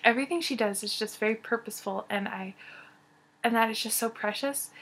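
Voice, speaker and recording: A young woman vlogging in casual chat, gushing and excited, with many fillers and restarts. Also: on the high side.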